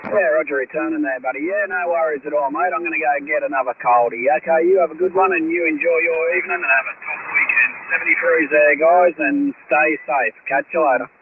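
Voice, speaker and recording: A man's voice: a little high, brisk, few pauses, phone-quality sound. An Australian man chatting casually on CB radio as an operator, easygoing and matey, full of radio jargon. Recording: hissy CB radio transmission.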